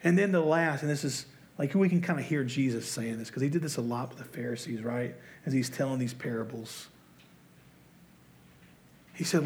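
A man's voice: medium pitch, normal speed, a little mellow. A man preaching a sermon in a conversational, self-deprecating way, often putting rhetorical questions to his listeners. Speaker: pastor.

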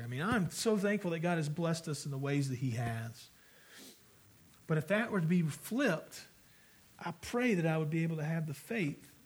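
A man preaching a sermon as pastor, earnest and conversational, with frequent restarts. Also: fairly high pitch.

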